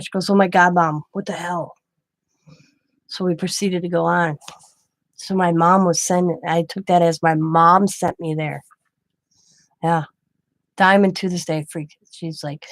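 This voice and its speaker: A woman's voice: on the low side, no echo. A grandmother who hosts a craft channel, telling a personal story in a rambling, chatty way and quoting others in her own voice. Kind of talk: casual storytelling.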